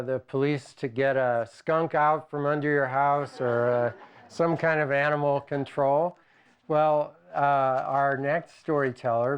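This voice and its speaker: A man's voice: mid-range voice, clear, resonant tone, muffled recording. A man hosting a live storytelling show, introducing the next speaker and putting questions to the audience. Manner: friendly, questions put to the audience. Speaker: host. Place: stage before a live audience.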